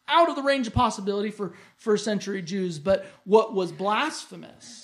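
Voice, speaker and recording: An earnest speaker gives a verse-by-verse Bible lesson in a mid-range voice. The delivery is emphatic, sinking low and quiet on the key phrases. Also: normal speed, few pauses. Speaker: Bible teacher. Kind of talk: expository Bible teaching.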